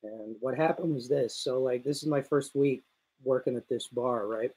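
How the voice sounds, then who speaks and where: Husky-voiced man telling a profane story. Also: medium pitch, moderate pace, dark tone, low-quality recording. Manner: profane, rambling anecdote-teller. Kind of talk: casual storytelling chat.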